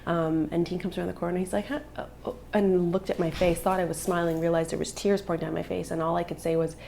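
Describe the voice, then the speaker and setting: A woman's voice: on the low side, level tone, fast, vocal fry, mellow, a little hiss or hum. A woman in her thirties, a vlogger and mother, telling a personal story in an earnest, emotional way.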